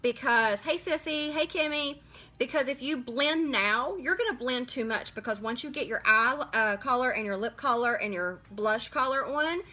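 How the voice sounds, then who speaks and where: A woman's voice: high voice, normal speed, sharp tone. A woman hosting a casual live makeup tutorial, chatting as she works and greeting viewers by name. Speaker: makeup livestream host.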